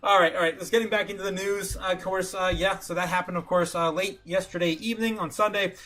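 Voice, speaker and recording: A man hosting a casual livestream, talking excitably with lots of fillers and chuckles. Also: high voice, fast. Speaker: livestream host.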